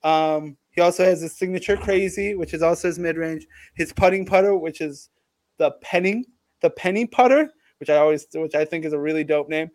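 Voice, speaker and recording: A man spinning a rambling, profane tall tale in loose comedic chat. His voice sits a bit high for a man and sounds close and dry, with no room around it. He piles on hype as he goes. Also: brisk, darkish tone, no room sound. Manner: rambling, profane, hyped storytelling.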